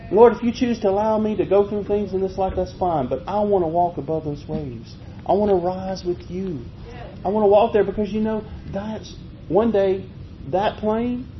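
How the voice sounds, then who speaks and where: A man preaching a folksy, animated sermon, chuckling as he tells stories. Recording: muffled, low-fi with faint noise.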